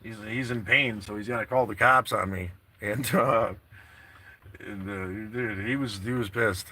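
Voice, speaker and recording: A man's voice: fairly low pitch, a little slow, sharp tone. Laid-back man rambling on a live stream. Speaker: travel vlogger. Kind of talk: casual live-stream chat. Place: in or by his car, outdoors.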